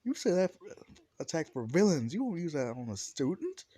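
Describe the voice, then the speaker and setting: A man voicing a stern, booming adult male hero teacher who loudly scolds a student in a casual fan story. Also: very animated, normal speed, slightly rough. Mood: scolding. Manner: scolding, loud.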